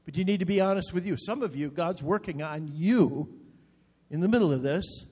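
A man's voice: high-pitched, normal speed, warm tone, breathy edge. A man preaching a sermon as pastor, making earnest, direct appeals in short repeated phrases. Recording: long reverb.

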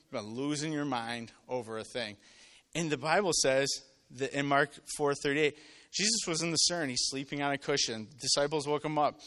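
A man preaching a sermon to a live congregation, telling stories and acting out voices, swinging from loud to quiet. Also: fairly high pitch, moderate pace. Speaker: pastor. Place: church with live audience.

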